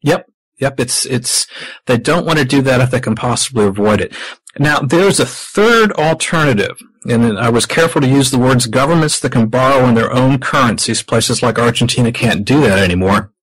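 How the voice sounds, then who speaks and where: Husky man explaining finance. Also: mid-range voice, lively intonation, fairly bright tone, no echo, poor audio. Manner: measured, poses rhetorical questions to the host. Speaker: podcast guest. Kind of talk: explanatory interview talk.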